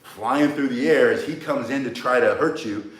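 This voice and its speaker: Teaching self-defense with a cane in a sunny outdoor setting, an older man delivers a live workout lesson that's blunt, rambling, and dotted with jokes. He speaks at a medium pitch and a normal speed, captured by a far-off mic with a roomy echo.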